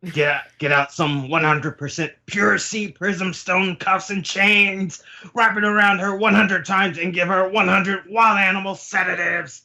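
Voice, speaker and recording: A man voicing a pompous male pirate boss who panics and barks orders in a high, shrill voice. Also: steady tone, measured pace, sharp tone, exaggerated voice. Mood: barking orders.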